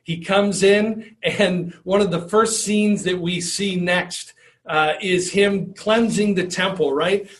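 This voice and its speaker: Man preaching, high voice, earnest, restarts and repeats words. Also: steady tone, slow, fairly bright tone. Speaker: pastor. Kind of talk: sermon.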